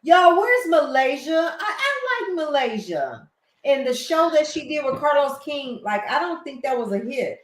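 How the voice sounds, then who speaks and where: An older woman with a Southern US accent, hosting a casual late-night live-stream chat, excitable and quick to laugh. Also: sits high, reverberant, a little hiss or hum, low-quality recording. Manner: chatty, excitable, laughs easily. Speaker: livestream host.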